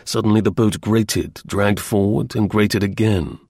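A man narrating a story in a steady, even reading voice. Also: on the low side, measured pace, no echo, studio quality.

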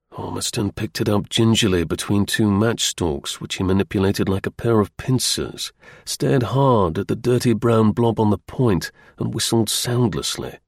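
A man narrating an audiobook in a measured, even storytelling manner, with a husky voice. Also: on the low side, no echo, studio quality. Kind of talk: scripted narration.

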